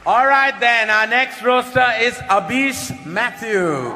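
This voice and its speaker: High-voiced man announcing roasters. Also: animated, slow pace, over music. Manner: announces roasters with mocking introductions. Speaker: roast master of ceremonies. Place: large hall with a live audience. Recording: echoey hall recording with background noise.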